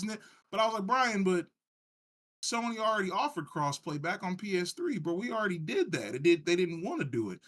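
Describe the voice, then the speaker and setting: A man's voice: high voice, sing-song, a little fast, a bit bright. A man on a podcast, amused, telling about an old argument from a little distance off the mic. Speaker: podcast co-host. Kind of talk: casual podcast storytelling.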